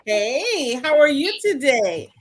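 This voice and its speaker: A woman's voice: high voice, sing-song, slow. A woman hosting a podcast interview, talking in an encouraging, folksy way and often checking in with her listeners. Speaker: podcast host.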